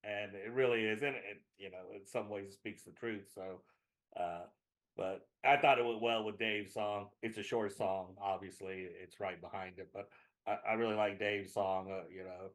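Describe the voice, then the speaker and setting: Lower-voiced animated middle-aged man. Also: moderate pace. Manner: animated, jumpy, self-correcting. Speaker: podcast co-host. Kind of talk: casual chat.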